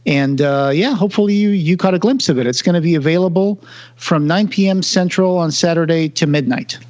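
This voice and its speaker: A talkative man co-hosting a podcast, chatting casually with plenty of fillers. His voice sits on the higher side. The audio is dull and lo-fi. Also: brisk, darkish tone. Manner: chatty, self-deprecating, many fillers. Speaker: podcast co-host. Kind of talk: casual chat.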